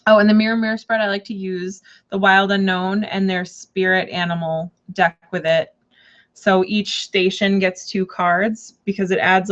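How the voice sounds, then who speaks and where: A woman's voice: mid-range voice, fairly bright tone. A woman hosting a casual live tarot stream, rambling and chatty with lots of fillers and restarts. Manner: rambling, chatty, full of fillers and self-corrections. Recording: dull lo-fi stream audio.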